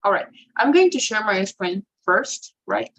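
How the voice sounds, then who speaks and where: Slow, patient woman teaching online. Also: medium pitch, sing-song, vocal fry, a bit bright, poor audio. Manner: explains slowly with many fillers and tag questions. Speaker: English teacher. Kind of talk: online class instruction. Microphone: video call.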